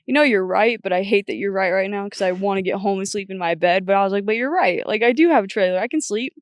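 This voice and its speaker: A woman's voice: medium pitch, quick pace, hardly any pauses, no room sound. A young woman guest on a podcast, talking bluntly and chattily, often quoting herself. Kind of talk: casual chat.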